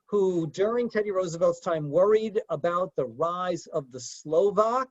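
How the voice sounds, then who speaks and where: Man, high-pitched voice, leading a group talk, hesitant, lots of fillers, dry and dull lo-fi sound. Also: measured pace, no echo. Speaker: discussion leader. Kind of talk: conversational lecture.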